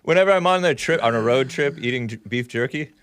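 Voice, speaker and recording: A man's voice: mid-range voice, expressive, quick pace, clear, resonant tone, dry recording. A man hosting a podcast in casual chat, chatty and laughing often, sometimes talking while chewing. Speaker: podcast host.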